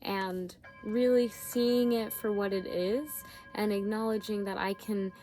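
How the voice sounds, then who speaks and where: A tired woman giving a spiritual tarot reading, talking gently with searching, repetitive phrasing and many fillers. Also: medium pitch, little pitch movement, measured pace, soft background music. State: yawning, tired. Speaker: tarot reader.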